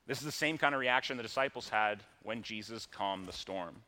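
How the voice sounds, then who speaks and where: A man's voice: lowish voice, brisk, hardly any pauses, a bit bright. A man preaching a sermon in a conversational, plain-spoken way, with casual asides. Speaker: pastor.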